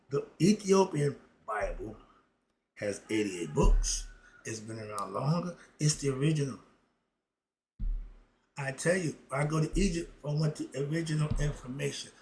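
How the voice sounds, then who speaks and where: A man giving an unscripted opinion monologue to his viewers, fiery and emphatic, swinging from loud outbursts to muttered asides and chuckling between points. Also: medium pitch, a little hiss or hum. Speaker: commentary vlogger.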